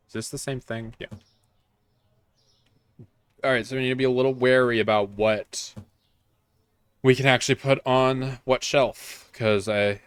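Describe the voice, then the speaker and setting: A man's voice: mid-range voice, clean tone. A man streaming a video game, chatting casually and rambling in a jokey, self-mocking way. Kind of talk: casual let's-play commentary.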